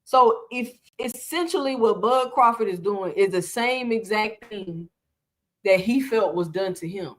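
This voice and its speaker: A woman's voice: medium pitch, unhurried. A woman hosting casual boxing reaction commentary, talking animatedly and piling up rhetorical questions.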